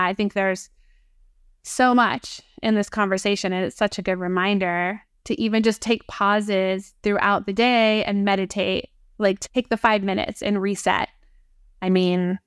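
Female podcast co-host, chatty and expressive, smooth clear voice, dry recording. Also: mid-range voice, dry recording. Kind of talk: casual conversational podcast.

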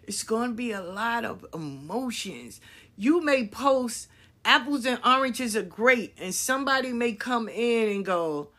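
Blunt, animated woman airing opinions. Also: a little high, measured pace. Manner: blunt, profane, animated storytelling with acted-out quotes. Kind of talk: casual opinion monologue.

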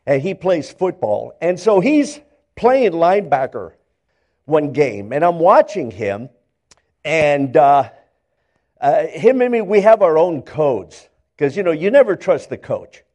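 An older male pastor preaching a sermon, telling stories in animated fashion and acting out the characters, often repeating words as he builds up. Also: a little high, measured pace. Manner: animated storytelling, acts out characters, stammers repeats.

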